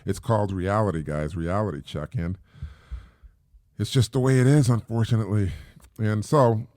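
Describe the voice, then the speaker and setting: A man's voice: fairly low pitch, moderate pace, dark tone, no echo, clean studio sound. A middle-aged man hosting a solo podcast, talking in a rambling, casual way with many fillers and repeats. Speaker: podcast host.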